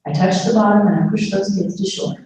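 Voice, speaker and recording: A woman's voice: medium pitch, steady tone, fast, mellow, close to an everyday voice. Woman doing an old lady with dementia. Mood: reminiscing. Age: older. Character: elderly woman with dementia, retelling her childhood rescue. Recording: echoey room, mic far off, faint noise.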